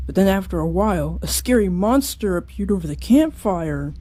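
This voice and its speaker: In a mid-range, animated, mellow voice, a young author reads aloud an old story they wrote, stopping for giggly, self-mocking asides. A slowed-down song plays in the background.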